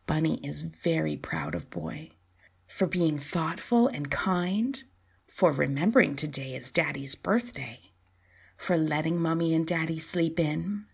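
Soft-spoken, breathy woman storyteller. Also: lowish voice, sing-song, slow pace. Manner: soft, often whispered reading. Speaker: podcast host and storyteller. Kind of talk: storybook narration.

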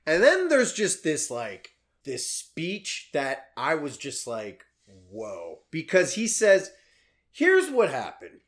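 A man recapping a movie in unhurried casual chat, his voice a little higher than most men's. He stops and restarts often, and his pitch moves widely as he talks. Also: wildly swooping pitch. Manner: slow, hesitant, recaps plot with many fillers.

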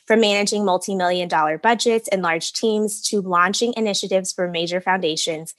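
A woman's voice: mid-range voice, a little fast, a bit bright, no echo. A woman hosting a podcast interview, upbeat and enthusiastic as she introduces and questions her guest. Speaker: podcast host.

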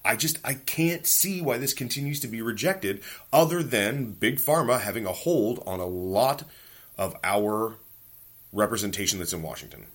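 Profane ranting man in his forties, husky. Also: fairly low pitch, moderate pace. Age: 40s. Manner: profane, ranting, animated storytelling. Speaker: podcast host. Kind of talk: casual monologue.

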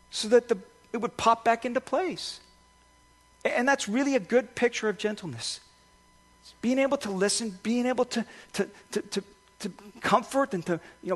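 A male pastor giving a conversational sermon, telling stories with lively restarts and asides. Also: very high voice. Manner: conversational, animated storytelling with restarts. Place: church sanctuary.

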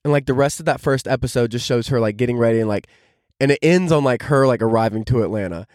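A young man hosts his own podcast and tells a long story in an eager, casual rush, with "like" dropped into almost every phrase. His voice sits at an ordinary middle pitch. The sound is dry and close, with no room echo. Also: quick pace, darkish tone. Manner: enthusiastic, heavy use of "like" fillers. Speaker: podcast host.

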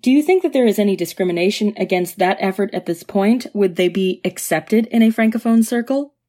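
A woman's voice: mid-range voice, brisk, mellow. A woman hosting an interview podcast, asking careful, long, well-framed questions. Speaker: podcast host.

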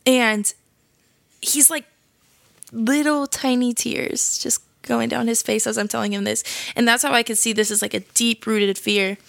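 A woman's voice: a little high, steady tone, a little slow, gravelly, fairly bright tone, no room sound. A young woman hosting a casual faith podcast, chatty and slangy, laughing often as she tells a story. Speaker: podcast host.

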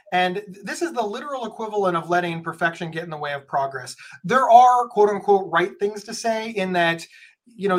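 High-voiced earnest man, emphatic. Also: fairly bright tone. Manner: earnest, emphatic, frequent restarts. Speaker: guest speaker on mental health. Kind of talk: conversational advice.

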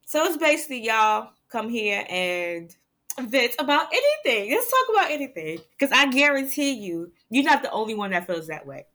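A woman hosting her own podcast, venting to listeners in a casual, animated way and laughing often. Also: fairly high pitch, moderate pace. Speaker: podcast host.

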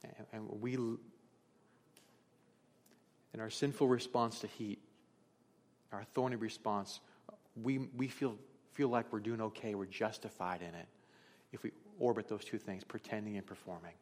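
A man's voice: lowish voice, steady tone, a little slow, pauses often, darkish tone. A middle-aged man preaching a sermon as pastor, telling stories in a conversational, candid way. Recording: long reverb of a large hall.

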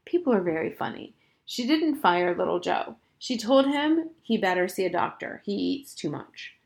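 A woman narrating a children's novel aloud in a clear, measured storytelling manner. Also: medium pitch, lively intonation. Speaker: audiobook reader.

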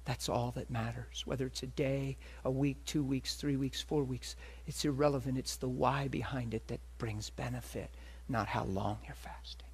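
A gentle yet firm fatherly God speaks in a hushed, even tone, as a male preacher voices him in a sermon. The voice sits in a middle male register. It stays calm and measured, with no raised edges. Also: medium pitch, slightly rough.

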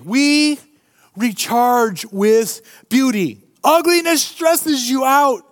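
A male pastor preaches to a congregation in a lively, joking and conversational way. His voice sits high for a man, and his pitch rises and falls freely. The sound is close and dry. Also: takes it slowly, dry recording. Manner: animated, humorous, conversational preaching. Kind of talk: sermon. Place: church before a live congregation.

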